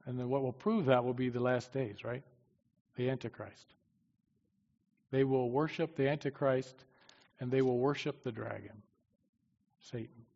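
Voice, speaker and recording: A man preaching a sermon with emphasis, swinging from loud declarations to quiet asides. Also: medium pitch, steady tone, moderate pace, vocal fry, long pauses. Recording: dull, long-reverb hall sound.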